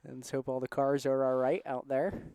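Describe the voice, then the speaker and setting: A man co-commentating a school rugby match from a booth, relaxed with dry humor. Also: mid-range voice, normal speed, slight background noise. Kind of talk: amateur sports commentary.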